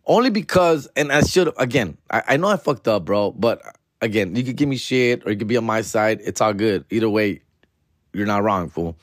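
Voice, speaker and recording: A man's voice: normal speed, dry recording, clean studio sound. A man, telling a casual, slang-heavy story as podcast host, dropping into Spanish and acting out relatives. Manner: slangy, peppered with "fool" and "dog", switches into Spanish; animated, acts out family members in higher voices. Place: home, alone in the house.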